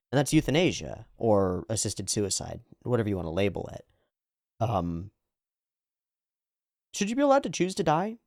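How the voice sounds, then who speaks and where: A man's voice: fairly low pitch, a little mellow, dry recording, clean studio sound. A man reading a comic aloud and riffing on it in jokey, casual commentary, laughing often. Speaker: comic reader. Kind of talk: casual read-along commentary.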